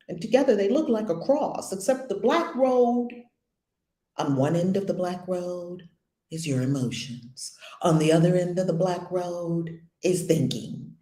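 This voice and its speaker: A woman spiritual teacher leading a daily lesson, repeating affirmations with slow emphasis on each word. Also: medium pitch, a little mellow, reverberant.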